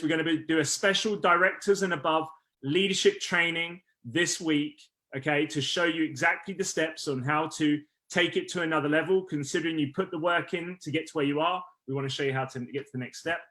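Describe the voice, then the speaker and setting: A man hosting a casual business team call, energetic and rallying, who says he is losing his voice. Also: fairly high pitch. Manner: energetic, rallying, restarts often.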